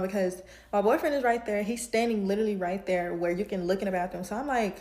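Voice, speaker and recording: A woman who does hair from home, telling an animated storytime to camera. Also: medium pitch, fast, reverberant, faint music behind. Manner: animated, builds to heated retelling. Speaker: home-based hairstylist.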